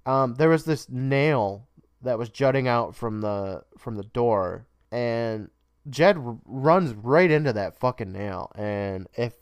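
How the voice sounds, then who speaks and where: Smooth-voiced man recapping a show. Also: medium pitch, expressive, slow pace, dry recording, studio quality. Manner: laid-back, swears freely, laughs often. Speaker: podcast co-host.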